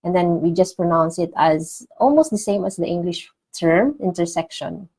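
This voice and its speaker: A woman teaching vocabulary in a casual online lesson, repeating each word clearly for learners. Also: on the low side, expressive, moderate pace, dark tone, low-quality recording. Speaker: language teacher.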